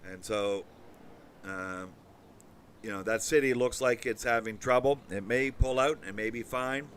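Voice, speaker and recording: A man's voice: mid-range voice, a little slow, fairly bright tone, a little hiss or hum. A man hosting a casual monologue, rambling and swearing, with many fillers. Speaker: host.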